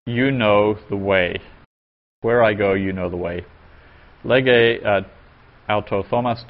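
A man teaching a language lesson, reading passages aloud slowly and then parsing them word by word. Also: on the low side, phone-quality sound. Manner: slow and methodical, reads passages aloud then parses them. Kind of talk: Koine Greek lesson.

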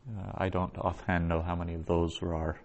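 A man giving a methodical grammar lecture, pausing to sound out Hebrew phrases slowly. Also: low-pitched, flat delivery, darkish tone, highs cut off. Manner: slow, methodical, reads Hebrew aloud syllable by syllable. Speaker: biblical Hebrew teacher.

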